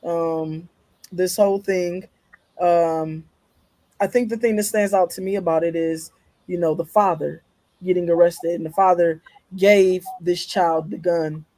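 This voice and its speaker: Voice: mid-range voice, steady tone, dark tone, dry recording. Earnest parent panelist, dry close sound. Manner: earnest, halting, with many fillers. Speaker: podcast panelist. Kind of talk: podcast panel discussion.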